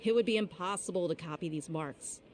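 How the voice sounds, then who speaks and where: A woman's voice: on the low side, fairly quick, noisy background, lightly acted. A woman playing a blunt swordswoman. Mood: steady. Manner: blunt and self-assured. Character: confident young swordswoman mercenary. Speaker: professional fighter. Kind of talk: video game voice acting.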